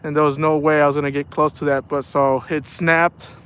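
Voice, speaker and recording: A man's voice: a little high, level tone, fairly quick, fairly bright tone, clear, resonant tone. A man chatting casually on a fishing livestream from outdoors by the water, rambling in a laid-back way and often saying "man". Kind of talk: casual live chat while fishing.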